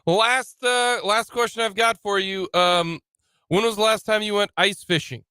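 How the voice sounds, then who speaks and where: Male sports radio host, high bright voice, dry studio sound, teasing and jokey. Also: fairly even intonation, normal speed, clear, resonant tone, dry recording. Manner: joking, teasing, laughs often. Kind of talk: casual sports radio banter.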